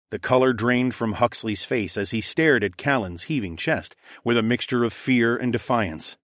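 A man's voice: medium pitch, normal speed, hardly any pauses, a bit bright, dry recording, clean studio sound. A man narrating a fantasy audiobook in the first person, conversational and wry with casual swearing.

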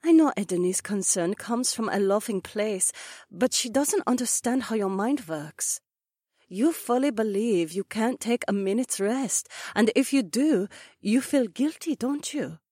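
A gentle dragon-kin woman speaks softly and soothingly, voiced by a woman. Her voice sits fairly high and moves with lively intonation. The audiobook sound is dry and close. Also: measured pace, husky, dry recording. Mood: earnest. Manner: soft, soothing. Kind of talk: audiobook character voice.

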